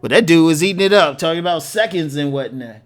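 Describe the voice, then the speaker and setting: A man's voice: a little high, fast talker, soft background music. Blunt, joking man giving relationship advice. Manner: blunt, tough-love, joking. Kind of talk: casual advice monologue.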